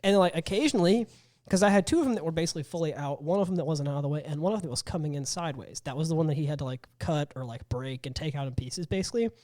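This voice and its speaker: A man's voice: a little high, animated, very fast, darkish tone, no echo, clean studio sound. A young man in his twenties, co-hosting a podcast, telling a rambling story with a sore jaw after dental surgery. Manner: rambling storyteller, acts out quotes. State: sore jaw after wisdom teeth removal. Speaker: podcast co-host. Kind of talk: casual chat.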